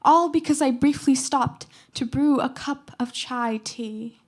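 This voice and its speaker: High-voiced teen girl performing slam poetry. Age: teens. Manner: rhythmic, emphatic recitation with dramatic pauses. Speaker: slam poet. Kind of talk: spoken word poetry performance.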